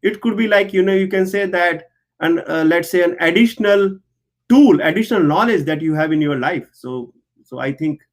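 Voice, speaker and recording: A man's voice: sits high, moderate pace. A man, an engineer and researcher, speaking as an interview guest, explaining things earnestly and often checking in with "right?". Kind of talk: explanatory conversation.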